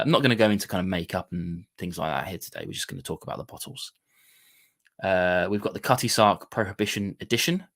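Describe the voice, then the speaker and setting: A man hosting a casual whisky livestream, chatting in a rambling way with lots of fillers and restarts. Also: sits low. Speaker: whisky show host.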